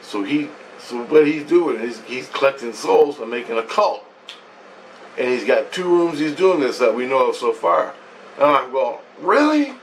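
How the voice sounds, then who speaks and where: A man's voice: medium pitch, moderate pace, recorded from a distance, slight background noise, low-quality recording. A man telling a long dream story in a meandering, profane way, repeating himself as he goes. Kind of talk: rambling first-person dream account.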